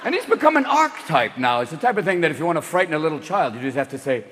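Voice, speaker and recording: A male comedian on stage, manic and profane, firing jokes rapid-fire and swinging his pitch wildly up and down. His voice carries a long hall echo over loud crowd noise. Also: very animated. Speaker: stand-up comedian. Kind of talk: stand-up comedy. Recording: echoey hall with loud audience.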